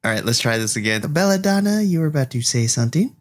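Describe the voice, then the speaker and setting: Man game master for a tabletop game, lively swooping delivery, laughs easily. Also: medium pitch, fast talker. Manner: laughs often, animated.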